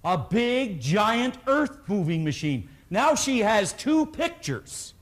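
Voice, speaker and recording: A man with a notably high voice speaks to a live room as a motivational seminar speaker. He tells stories and has the audience repeat words back to him. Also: big pitch swings, slow pace. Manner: storytelling, leads the audience in call-and-response.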